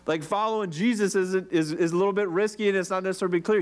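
A man's voice: high-pitched, fairly even intonation, quick pace, few pauses, smooth. A man preaching a casual sermon, chatty and joking, with rhetorical questions and many "like"s. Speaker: pastor.

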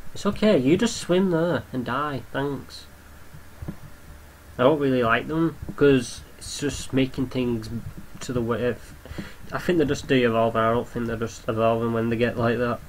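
A young man talks his way through a simulation game, chatting to the creatures on screen as he goes. His voice sits at an ordinary middle pitch. A faint hiss of noise runs underneath. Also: fairly bright tone, poor audio. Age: young adult. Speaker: gameplay commentator. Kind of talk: casual gameplay commentary.

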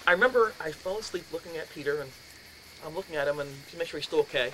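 A man in his fifties telling a ghost story to an audience, acting out his own voice with shouts and laughs. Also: a little high, rapid-fire. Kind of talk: animated storytelling lecture. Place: lecture in a house. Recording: noisy room recording.

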